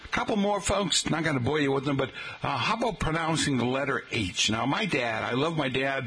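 Broadcasting live from a radio studio set up in a restaurant, this Massachusetts radio host speaks with a Boston accent in a chatty, folksy manner, addressing listeners as folks. He's a middle-aged man with a mid-range, fairly bright voice that has a breathy edge and moves a little fast.

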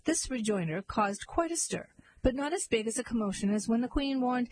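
A woman's voice: fairly high pitch, animated, a little fast, a little mellow, slight background noise, low-quality recording. Woman narrating a wry fairy tale. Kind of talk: comic storybook narration.

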